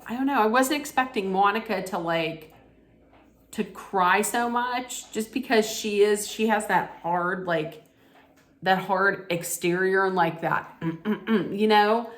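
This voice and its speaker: A woman's voice: mid-range voice, measured pace. A woman vlogger recapping a reality TV episode in a casual, chatty way, retelling scenes and quoting lines with frequent restarts.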